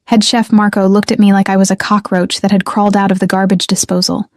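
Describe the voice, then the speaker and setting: A young woman reading a first-person story in a measured, restrained scripted narration. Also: mid-range voice, flat delivery, no room sound, clean studio sound.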